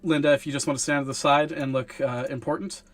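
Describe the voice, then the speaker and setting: A man's voice: on the high side, fairly even intonation, fast, a bit bright. A man playing a tabletop game, carefully explaining his character's spells and rules with frequent ums. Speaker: player.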